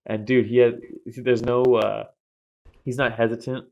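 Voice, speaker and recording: A young man co-hosting a podcast, eager and excitable as he breaks down the action. His voice sits at an ordinary pitch for a man. He swears freely and laughs as he talks. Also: unhurried, gravelly, muffled recording. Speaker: podcast co-host. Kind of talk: casual chat.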